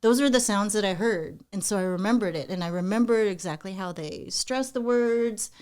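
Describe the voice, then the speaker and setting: Brief: a chatty woman guest in her forties, lively and animated, mid-range voice. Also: mid-range voice, moderate pace, smooth. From United States. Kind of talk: casual podcast chat.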